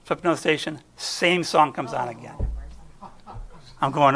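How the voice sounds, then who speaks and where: A man's voice: on the high side, moderate pace, vocal fry, bright, forceful tone. A middle-aged American man giving a conversational guest sermon, chatty and folksy, often trailing off and restarting. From United States. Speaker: guest speaker. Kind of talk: conversational sermon with personal stories.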